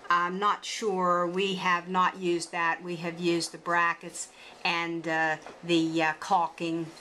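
A woman's voice: on the low side, monotone, pushed and bright, slight background noise, low-quality recording. A woman at home beside a turtle enclosure, explaining how to build it in a casual, hesitant way, recorded on a handheld camcorder. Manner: hesitant, halting with many pauses. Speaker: turtle keeper. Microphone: handheld camcorder mic.

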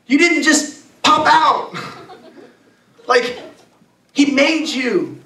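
A young adult man giving a youth sermon, talking casually and emphatically and slowing down to read scripture. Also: very high voice, animated, sharp tone. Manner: emphatic, conversational preaching with slowed scripture reading. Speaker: youth pastor. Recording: echoey room, distant mic.

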